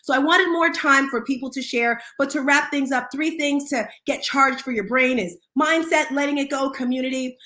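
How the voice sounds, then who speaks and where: A woman's voice: high-pitched, normal speed, hardly any pauses, pushed and bright. Earnest woman hosting an echoey chat room. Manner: earnest, storytelling, invites listeners to speak. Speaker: host of an audio chat room. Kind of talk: casual motivational talk.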